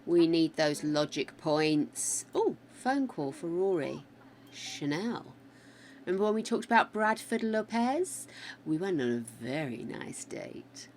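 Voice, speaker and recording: A woman's voice: lowish voice, sing-song, slow pace, a little mellow, slight background noise. An older woman with a slightly wobbly voice, chatting with her viewers and thinking aloud while she plays a game on a live stream. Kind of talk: casual live-stream chat while playing.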